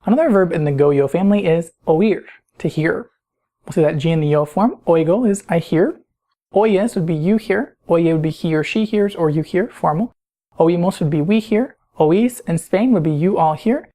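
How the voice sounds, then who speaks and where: A woman's voice: lowish voice, normal speed, warm tone. A woman teaching a recorded grammar lesson, patient and explanatory, often putting questions to the listener. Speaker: Spanish teacher.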